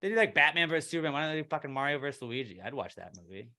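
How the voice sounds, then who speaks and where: A man co-hosting a podcast, reading out listener questions in a relaxed, casual way and trailing off often. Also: a little high, very fast. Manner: laid-back, trails off, says "dude". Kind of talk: casual chat.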